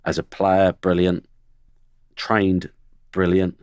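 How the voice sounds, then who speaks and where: Deep-voiced man telling football stories. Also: level tone, takes it slowly, a little mellow, smooth, no room sound, clean studio sound. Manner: blunt, anecdotal, mimics teammates. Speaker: former footballer guest. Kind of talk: podcast storytelling. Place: podcast studio.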